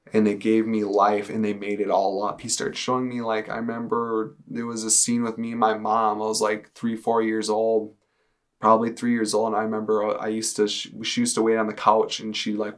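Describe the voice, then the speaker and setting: A man in his twenties giving a personal testimony to camera, in a casual, halting way with many fillers. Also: on the low side. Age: 20s. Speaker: testimony speaker. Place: indoors, speaking to a camera.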